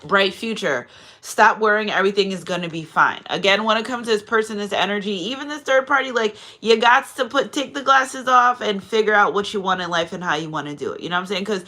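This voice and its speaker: Brief: woman tarot reader, chatty and digressive, bright and forceful tone, effusive with viewers. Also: mid-range voice, a little fast. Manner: chatty and digressive, often asks "you know what I'm saying"; effusive and emotional when thanking viewers. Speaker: tarot card reader and channel host. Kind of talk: casual spiritual card reading to camera.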